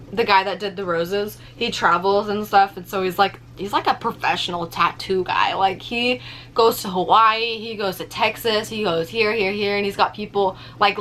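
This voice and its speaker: Bright-voiced young woman vlogger. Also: mid-range voice, a little hiss or hum. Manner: animated, swears freely, lots of fillers. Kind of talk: casual storytelling vlog.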